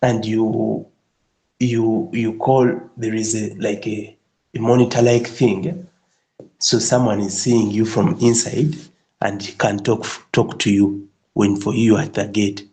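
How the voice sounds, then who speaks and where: A man with a fairly low voice leads a live tutorial on building design. He keeps checking in with his listener and often restarts his phrases. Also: little pitch movement, takes it slowly, warm tone, low-quality recording. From Kenya. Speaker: instructor.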